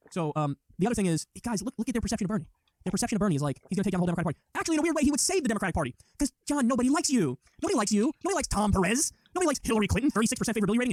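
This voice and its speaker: A man giving political commentary in a sarcastic, mocking way, often slipping into quick impressions of the people he criticizes. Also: high voice, darkish tone, dry recording, studio quality.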